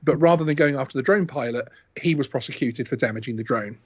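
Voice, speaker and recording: A British man chatting on a live stream about drones, jokey and excitable, with many stumbling restarts. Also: medium pitch, fast talker, breathy edge, no room sound. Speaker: drone channel guest. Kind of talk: casual live-stream chat. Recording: dull dry lo-fi stream audio.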